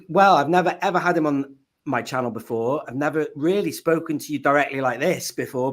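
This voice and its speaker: A man's voice: fairly high pitch, fairly bright tone. A man hosting a casual live stream chat, joking and laughing often. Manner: chatty, jokey, laughs often. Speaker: host of a live stream show. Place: at home.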